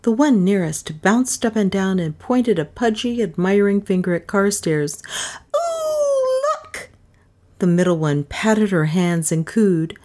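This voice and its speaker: A woman narrating a storybook with an expressive, dryly humorous reading. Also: medium pitch, unhurried, few pauses.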